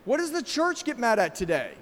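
A man's voice: extremely high pitch, huge pitch swings, fairly quick, fairly bright tone, in a large hall. A middle-aged man with a slight South African accent preaching a sermon as pastor, emphatic and asking the congregation rhetorical questions. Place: church sanctuary.

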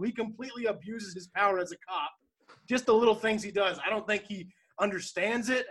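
A man co-hosting a casual talk show, retelling a sitcom in a rambling, animated way with bursts of laughter. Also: high voice, brisk, husky. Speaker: podcast co-host. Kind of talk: casual chat.

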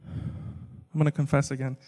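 A young man preaching a sermon to a live audience, talking casually with many "like"s and swinging between quiet stretches and loud emphatic bursts. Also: mid-range voice, little pitch movement, unhurried. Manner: casual and conversational, peppered with "like". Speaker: pastor. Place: live church auditorium with an audience. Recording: long reverb of a large hall.

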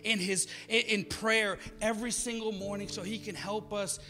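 A man with a high, bright voice preaches a sermon, moving from soft, quiet passages to loud, emphatic calls. His voice rings with a long hall reverb, and faint music plays behind him. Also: steady tone, moderate pace. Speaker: pastor.

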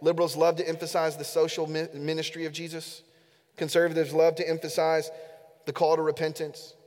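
A man's voice: on the high side, completely flat delivery, brisk, darkish tone. A man who is a pastor, preaching an earnest, emphatic sermon to his congregation during a church service. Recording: echoey hall with long reverb.

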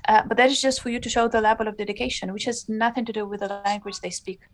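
A young woman from Ukraine giving earnest interview answers, halting with many fillers. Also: a little high, steady tone. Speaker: interview guest.

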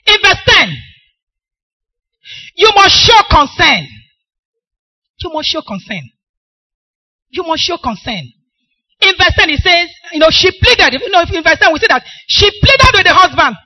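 Middle-aged Nigerian woman preacher, high and animated, emphatic sermon delivery. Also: normal speed, dry recording, poor audio. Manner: emphatic, poses questions for the congregation to answer.

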